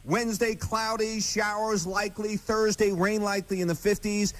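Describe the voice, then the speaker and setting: A man's voice: high voice, level tone, moderate pace, fairly bright tone, faint music behind. A man giving the morning weather forecast on the radio in a playful, teasing manner. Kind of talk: jokey on-air weather forecast.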